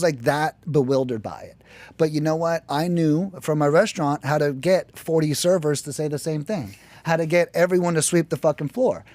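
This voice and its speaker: Animated, profane American man. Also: fairly high pitch, no echo. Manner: animated, profane, jumps into quoted voices. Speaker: podcast guest, lead generation business owner. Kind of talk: casual storytelling interview.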